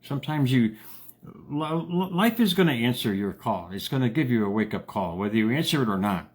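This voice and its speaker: A man hosting a motivational live stream, telling a story in a casual, jokey way with big jumps in his voice. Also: a little fast. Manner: animated, jokey, acts out quotes with big pitch jumps. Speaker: motivational radio host.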